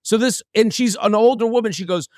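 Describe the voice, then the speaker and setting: A man co-hosting a podcast, telling a funny story in a casual, animated way and acting out other people's lines. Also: high-pitched, a little fast, dry recording, studio quality. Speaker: podcast co-host and comedian.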